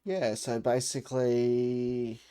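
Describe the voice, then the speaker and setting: A man's voice: medium pitch, flat delivery, slow pace, dark tone, clean tone. Rambling man narrating as game master. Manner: rambling, hesitant with fillers, jokey.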